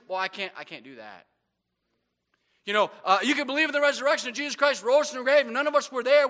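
A man's voice: very high-pitched, pushed and bright. A man preaching a sermon as pastor, with frequent amens and repeated stumbles on words.

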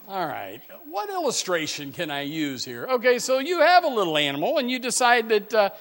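A high-pitched man preaches to his church at a moderate pace, his pitch swooping wildly. Jokey and folksy, he restarts often and fills gaps with filler words, swinging between quiet asides and loud, emphatic delivery.

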